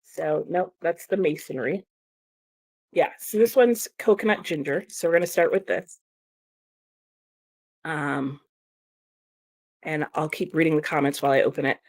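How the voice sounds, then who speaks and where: Brief: low-voiced young woman, chatty livestream host who laughs easily and reads comments out. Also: unhurried, pauses often, a little mellow. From United States. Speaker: streamer and book vlogger. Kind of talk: casual livestream chat.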